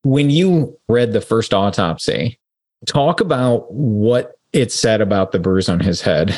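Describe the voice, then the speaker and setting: A man's voice: lowish voice, animated, unhurried, a little mellow. A man hosting a true-crime podcast interview, summarizing the guest's account and prompting her to go on.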